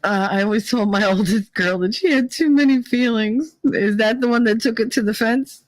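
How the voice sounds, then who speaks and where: A woman's voice: fairly high pitch, normal speed, dry recording. Playful woman livestreamer, dry close sound. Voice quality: laughs often, playful and teasing. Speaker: livestream host. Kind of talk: casual chat with live chat.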